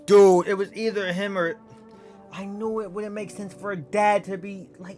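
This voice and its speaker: A young man giving excitable let's play commentary, swinging between yelling and mumbling. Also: high voice, normal speed, faint music behind. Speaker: gaming YouTuber.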